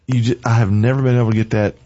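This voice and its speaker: A man's voice: medium pitch, flat delivery, racing, mellow, highs cut off. A man with a Southern American accent, hosting a rambling, casual radio chat. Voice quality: folksy, rambling and chatty. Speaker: radio host.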